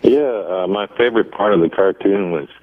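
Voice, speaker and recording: A man's voice: low voice, a little fast, no room sound. A man calling in to a radio show to ask a question in a laid-back, plain way. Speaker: caller. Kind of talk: casual call-in question. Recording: dull phone-line call-in.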